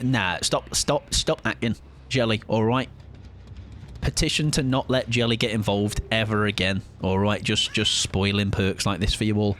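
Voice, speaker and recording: A young man streaming a game, chatting excitably and mocking himself as he plays. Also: fairly low pitch, moderate pace, a little hiss or hum. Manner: chatty, excitable, self-mocking, swears casually. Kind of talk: live gameplay commentary. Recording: game music under the voice.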